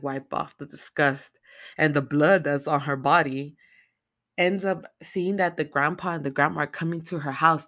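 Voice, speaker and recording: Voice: medium pitch, no room sound. Profane, slangy film-recap speaker, dry sound. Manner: profane, slangy, animated retelling; acts out characters' lines in quotes. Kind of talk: casual movie plot recap.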